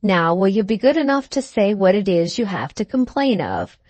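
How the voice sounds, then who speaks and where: A cold, sneering husband from an audiobook, drawling each word slowly and cuttingly, as a woman narrator reads him. His lines sit in a middling register and sound dry and close, with no room around them. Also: medium pitch, very animated, darkish tone, no room sound. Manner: superficial drawl, slow and cutting. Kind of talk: audiobook character reading.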